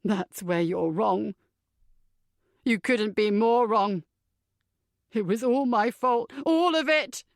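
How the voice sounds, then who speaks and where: A woman voicing a troubled young man who speaks quietly, flatly and bitterly. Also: mid-range voice, takes it slowly, pauses often, dry recording, studio quality.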